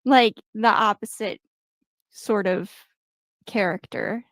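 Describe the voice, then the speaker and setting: A woman co-hosting a podcast, chatting casually about a movie in a calm, matter-of-fact way. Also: medium pitch, takes it slowly, dry recording, clean studio sound. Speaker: podcast co-host. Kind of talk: casual movie review chat.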